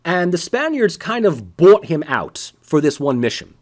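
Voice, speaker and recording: A man's voice: a little high, very animated, unhurried. A man giving a casual, conversational political science lecture with sarcastic asides.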